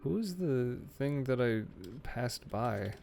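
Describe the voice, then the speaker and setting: A man's voice: mid-range voice, lively intonation, slow, creaky, darkish tone, faint music behind. A man streaming a game, making casual, joking asides.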